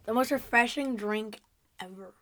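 A playful woman co-hosting a casual review podcast who teases her partner. Her voice sits a little high. The recording is dry and close, with no room sound. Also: normal speed, a bit bright, no echo. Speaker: podcast co-host reviewing episodes. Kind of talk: casual chat.

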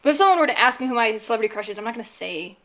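A young woman co-hosting a podcast in casual chat, rambling with lots of fillers and animated outbursts. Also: fairly high pitch, rapid-fire. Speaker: podcast co-host.

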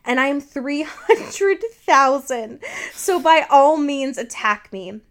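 A woman's voice: a little high, normal speed, lightly acted. A woman reading the lines of an arrogant, ancient female phoenix who speaks in threats, in a fan fiction reading. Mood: haughty threatening. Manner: haughty, threatening.

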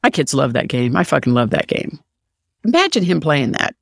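A man's voice: medium pitch, sing-song, normal speed, gravelly, fairly bright tone, dry recording, studio quality. A middle-aged man hosting a podcast, ranting solo in a sarcastic, profane way. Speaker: podcast host. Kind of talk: solo opinion rant.

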